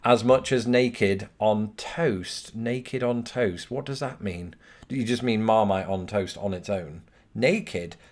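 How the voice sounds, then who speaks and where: A young man with an English accent answers viewer questions to camera in a vlog. His voice sits a little low, and he talks with wry, self-mocking asides. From Britain. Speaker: host.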